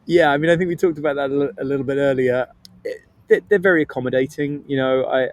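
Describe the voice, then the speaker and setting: A man's voice: medium pitch, a little mellow, no room sound. A middle-aged Welsh man with a Welsh accent, speaking as a guest actor in a podcast interview, earnest and reflective with playful storytelling. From Wales.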